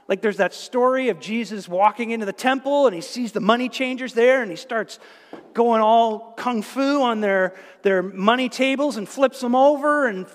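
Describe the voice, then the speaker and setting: A male pastor giving a conversational, animated sermon in a church, with many restarts and asides. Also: sits high. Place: church sanctuary. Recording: reverberant church hall.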